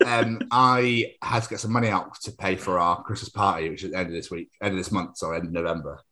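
A man's voice: deep voice, fairly even intonation, fast talker, sharp tone. A man co-hosting a podcast in casual chat, rambling through funny stories and laughing often. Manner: rambling storyteller, laughs often, does silly voices. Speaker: podcast co-host.

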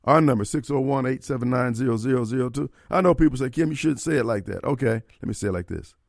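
Fiery talk radio host, gravelly. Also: male voice, mid-range voice, fast talker, no room sound, clean studio sound. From Mississippi. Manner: blunt, fiery, emphatic.

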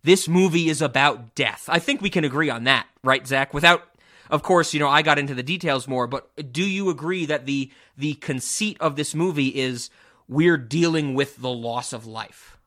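A man's voice: on the high side, normal speed, pushed and bright. A man hosting a casual film discussion podcast over a remote call, enthusiastic and rambling, swearing casually. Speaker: podcast host. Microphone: remote podcast call, cameras off.

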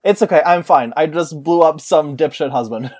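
Guy cohosting a podcast, goofy, laughs a lot, rattles stuff off fast. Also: a little high, darkish tone. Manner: jokey, laughs often, does rapid-fire patter. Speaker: podcast co-host. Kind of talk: casual comedic chat.

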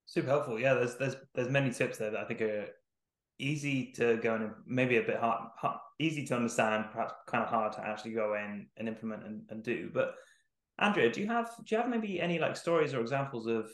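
A man's voice: mid-range voice, fairly quick. A man hosting a podcast, asking a casual, rambling question. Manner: casual, searching for words. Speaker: podcast host. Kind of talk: interview question. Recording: roomy echo.

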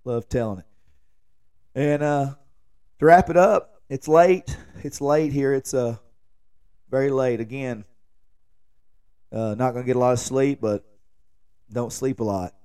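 A man's voice: mid-range voice, measured pace, long pauses, clear, resonant tone. Rambling man telling a story. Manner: rambling, joking, animated when quoting himself. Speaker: podcast host. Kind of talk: casual late-night storytelling monologue.

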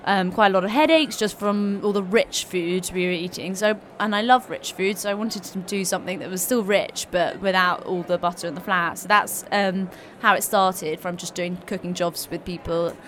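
A woman founder answering interview questions, friendly and a bit halting, at a trade show. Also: fairly low pitch, fairly even intonation, fairly bright tone, slight background noise. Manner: friendly, halting with fillers, laughs easily. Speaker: guest, small food business founder.

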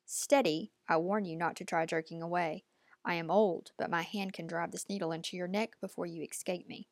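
Woman doing a commanding old woman, imperious, clipped orders, lowish voice, dead dry sound. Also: fairly even intonation, normal speed, no echo, lightly acted. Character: stern, commanding old woman, a revered elder.

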